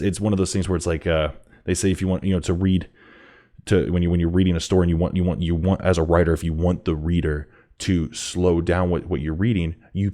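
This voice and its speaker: A man hosting a music reaction video, talking casually with lots of restarts and repeated words, climbing higher whenever something thrills him. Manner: excited, halting, repeats words, rises in pitch when thrilled.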